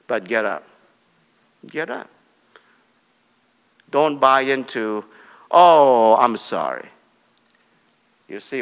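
A man from Korea preaching a sermon, repeating short commands and swinging between soft and loud delivery. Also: lowish voice, in a large hall. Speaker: pastor.

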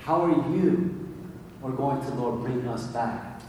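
A man's voice: mid-range voice, takes it slowly, warm tone, slight background noise. A man preaching a sermon in a casual storytelling way, full of fillers, in a large church hall. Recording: echoey hall from far off.

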